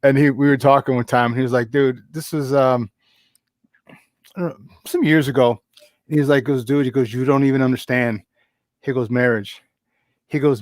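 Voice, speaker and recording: A young man hosting a casual sports talk show, joking and laughing a lot as he tells stories and acts out high-voiced quotes. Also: steady tone, normal speed, pauses often, no room sound. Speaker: radio sports talk host. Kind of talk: casual chat.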